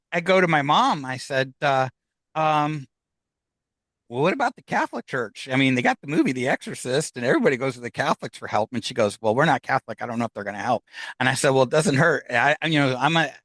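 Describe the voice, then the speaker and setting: A man, a podcast guest, telling a story in a casual, animated way and acting out the dialogue with laughs between lines. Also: medium pitch, fast talker, dry recording, rough recording.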